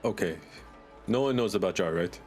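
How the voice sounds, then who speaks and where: Male player, very low voice, clipped broken-English character speech. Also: animated, normal speed, darkish tone, soft background music. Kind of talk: tabletop role-play chat.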